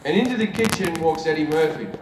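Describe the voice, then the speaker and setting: A male comedian spinning a long, profane anecdote with a storyteller's punchline timing. His voice is on the high side and sits back from the mic. The big room rings with echo under loud crowd laughter. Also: lively intonation, quick pace, background noise. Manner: swearing, conversational storytelling with punchline rhythm. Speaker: stand-up comedian. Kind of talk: live stand-up storytelling. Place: large indoor arena on stage. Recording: distant, echoey arena with loud crowd laughter.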